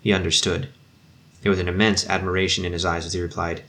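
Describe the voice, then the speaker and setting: A man reading a war story aloud in a measured, solemn way. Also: low voice, fairly even intonation, fairly bright tone. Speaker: narrator. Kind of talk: audiobook reading.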